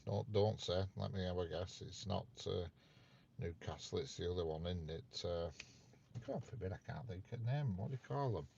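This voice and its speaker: Deep-voiced man chatting. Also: normal speed, creaky, dark tone, dull audio, a little hiss or hum. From north of England. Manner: chatty, teasing, playful questions to viewers. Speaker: livestream host chatting with viewers. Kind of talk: casual live chat.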